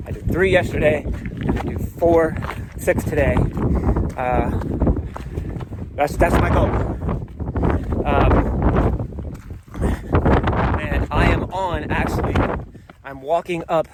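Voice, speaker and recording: A man talks to a camera he carries as he climbs a mountain trail, slightly winded. He is upbeat and earnest, drifts into asides, and speaks in a fairly high voice. Heavy outdoor noise is mixed in behind him. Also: steady tone, slow, pauses often. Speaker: hiker vlogging on the trail. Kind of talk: casual vlog while hiking.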